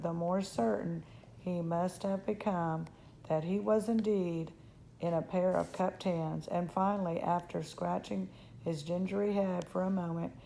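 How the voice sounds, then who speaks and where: A woman reads a children's novel aloud in a steady storytelling manner, her low, mellow voice heavily gravelly, occasionally slipping on a word. Faint noise sits in the background and the audio is poor.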